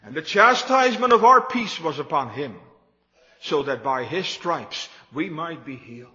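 A man's voice: a little high, expressive, normal speed, bright, forceful tone, in a large hall, highs cut off. A man preaching a sermon to his congregation, emphatic and repetitive, building his points with rising emphasis. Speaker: pastor.

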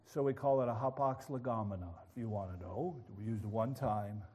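A man preaching a sermon, telling a story with animated passion. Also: on the low side, moderate pace, husky. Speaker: pastor.

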